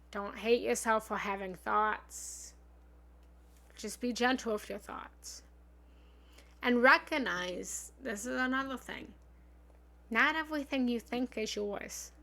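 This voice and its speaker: A woman's voice: mid-range voice, gravelly, fairly bright tone. A woman giving an earnest, encouraging live-stream self-help talk as a spiritual love coach, speaking frankly and repeating affirmations from her home office. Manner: frank, occasionally swears. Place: home office and meditation room.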